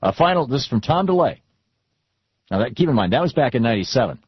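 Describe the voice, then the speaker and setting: Middle-aged male radio host; husky, lecturing, sarcastic; dry studio sound, slightly muffled. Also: medium pitch, big pitch swings, fast, no echo. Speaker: radio talk show host. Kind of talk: talk radio commentary.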